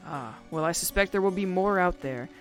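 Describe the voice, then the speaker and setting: A woman reading out the lines of a scholarly male trader in a fishing game, lowering her voice a little. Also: faint music behind, lightly acted. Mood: musing. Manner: measured, formal reading. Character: scholarly old male trader, calm and curious.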